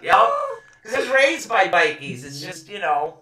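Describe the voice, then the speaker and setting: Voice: mid-range voice, sing-song, a little slow. East Coast American chatting over crowd noise. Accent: slight US East Coast. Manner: chatty, agreeable, uses many fillers. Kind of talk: casual chat, storytelling. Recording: roomy, distant mic with crowd noise.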